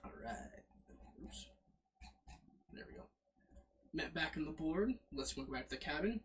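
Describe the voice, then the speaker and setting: A man's voice: a little high, measured pace. A man casually narrating as game master, fumbling with his setup and correcting himself as he goes. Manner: lively, fumbling with slides, self-correcting.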